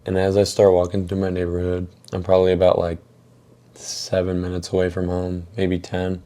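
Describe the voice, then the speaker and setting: A man's voice: sits low, monotone, moderate pace, warm tone. A young man tells a casual storytime vlog in a laid-back, profane way. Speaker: storytime YouTuber.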